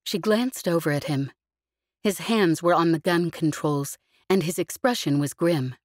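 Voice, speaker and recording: A woman narrating an audiobook with an expressive, vivid storytelling delivery. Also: lowish voice, measured pace, no echo, clean studio sound.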